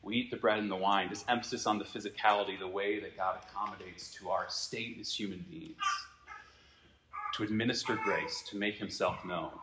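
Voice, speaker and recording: A man preaching a sermon as pastor, earnest and reflective, swinging from emphatic peaks to quiet asides. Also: lowish voice, steady tone, a little fast, background noise. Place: church.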